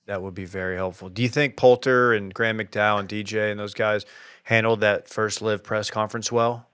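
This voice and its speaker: A man co-hosting a casual sports podcast, animated and joking, laughing often. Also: on the low side, fairly quick, smooth, no room sound, studio quality. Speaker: podcast co-host leading the segment.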